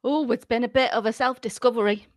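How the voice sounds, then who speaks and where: A middle-aged woman, a celebrant and hypnotherapist, chatting as a guest in a lively, jokey way. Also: a little high, fast talker, no echo, clean studio sound. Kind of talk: casual chat.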